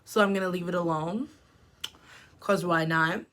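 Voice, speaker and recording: A woman's voice: lowish voice, fairly even intonation, normal speed, fairly bright tone. A young woman chatting casually through a storytime while doing her makeup, full of "like" and "literally". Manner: chatty, filler-heavy with frequent "like" and "literally". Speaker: beauty vlogger.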